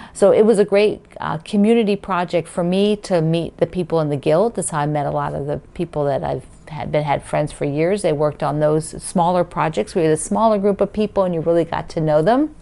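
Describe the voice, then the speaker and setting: A woman with a somewhat low voice hosts a casual quilting video. She rambles warmly through her thoughts, full of fillers and restarts. She gushes with enthusiasm. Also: a little fast, vocal fry. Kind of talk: casual chat.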